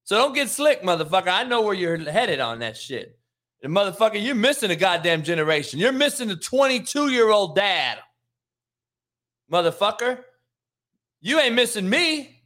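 A man's voice: high voice, very animated, normal speed, pushed and bright. A middle-aged man hosting a live sports show, ranting in a heated, profane way, mocking his chat and laughing between lines. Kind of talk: live-streamed sports rant.

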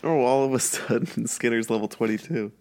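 A man at a tabletop game, tossing in jokes and rule tips. His voice has a rough, gravelly texture. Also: medium pitch, brisk, a little mellow. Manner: joking, knowing quips about rules. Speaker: player. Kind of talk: casual game chat.

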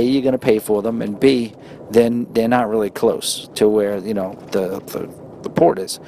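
Man, New York accent, podcast host, rambling casual chat, middle pitch, faint train noise. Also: vocal fry, a little mellow. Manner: rambling, chatty, with many fillers and restarts. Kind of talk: casual solo podcast, reading listener emails. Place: on a moving train. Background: faint train rumble.

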